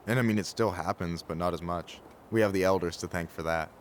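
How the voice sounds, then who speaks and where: A man's voice: sits low, a little fast, slight background noise, natural voice. An actor playing a wry, loyal young man in a video game, talking in a casual, blunt, teasing way. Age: young adult. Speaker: game character.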